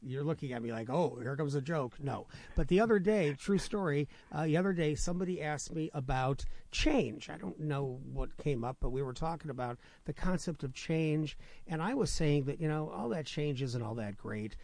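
A male radio host chatting in a rambling, joke-telling way, often stammering and restarting. His voice sits on the higher side and the sound is dry and close. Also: lively intonation, normal speed, a little mellow, no room sound. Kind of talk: radio talk show chat.

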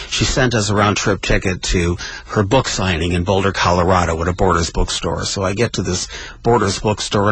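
Husky-voiced man co-hosting a talk show. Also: deep voice, poor audio. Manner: reads aloud with mounting emotion, shouts quoted lines. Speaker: radio show co-host. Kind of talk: conversational talk with read-aloud passages.

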